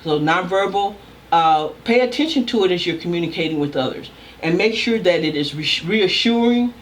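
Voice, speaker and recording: An older woman, a communication professor, giving a recorded lecture in a loud, emphatic, deliberate way. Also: on the low side, lively intonation, slight background noise.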